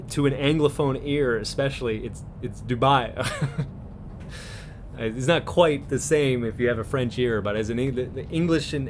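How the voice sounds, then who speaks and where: A man from Newfoundland hosting a live stream in a loose, easygoing chat, his voice sitting at an ordinary middle pitch. He rambles from thought to thought and chuckles often along the way. A faint low rumble runs underneath. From Newfoundland, Canada.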